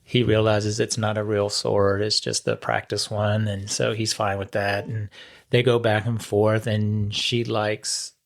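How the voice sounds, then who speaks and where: A man co-hosting a casual movie review podcast, agreeable and quick with short yeses. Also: lowish voice, level tone, vocal fry. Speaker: podcast co-host.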